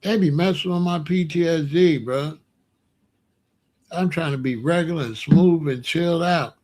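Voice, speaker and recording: A man with a notably high-pitched voice rants straight to his audience in loose, casual commentary. He is animated and mocking, breaks into laughter, and keeps returning to the same catchphrase. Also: moderate pace. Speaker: online commentator.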